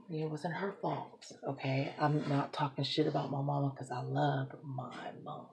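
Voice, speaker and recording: Emotional woman vlogger, hushed to ranting. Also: low-pitched, gravelly, slightly rough. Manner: emotional, swings between hushed confiding and loud ranting, swears freely. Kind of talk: rambling personal monologue to camera.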